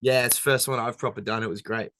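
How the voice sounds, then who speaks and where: A young man from a band, chatting casually in an interview, relaxed and rambling with plenty of fillers. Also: mid-range voice, fast talker. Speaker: band member.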